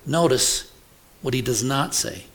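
A man preaching an expository sermon at an unhurried, measured pace. His voice sits at an ordinary middle pitch. He leans on key words and keeps asking the congregation rhetorical questions. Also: a bit bright. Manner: deliberate, emphatic, asks the congregation rhetorical questions.

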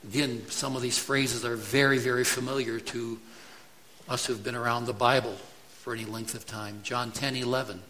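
A man's voice: mid-range voice, flat delivery, moderate pace, pushed and bright, a little hiss or hum, poor audio. A man preaching a sermon emphatically, asking the congregation rhetorical questions. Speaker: pastor.

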